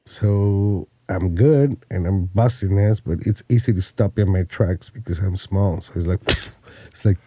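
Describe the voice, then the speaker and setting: A man in his forties from Mexico, a podcast guest telling animated, profane stories with frequent laughs. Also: low voice, unhurried, slightly rough, dry recording. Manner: laughing, swearing, animated anecdotes. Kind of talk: casual storytelling chat.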